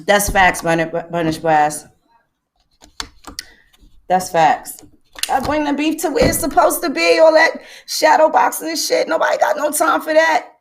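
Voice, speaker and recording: Profane high-voiced woman ranting. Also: fairly quick, gravelly, few pauses. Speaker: livestream host. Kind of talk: livestream commentary.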